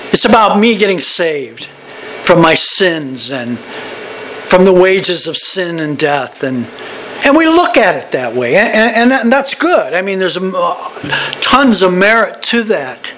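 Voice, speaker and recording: A man's voice: sits high, fairly bright tone, a little hiss or hum. A man teaching a Bible study in a conversational way. He is digressive and often restarts and repeats words.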